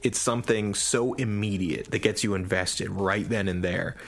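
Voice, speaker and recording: A man co-hosting a podcast, telling a story in casual chat with lively enthusiasm. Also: sits low, moderate pace, creaky. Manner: animated storyteller. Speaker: podcast co-host.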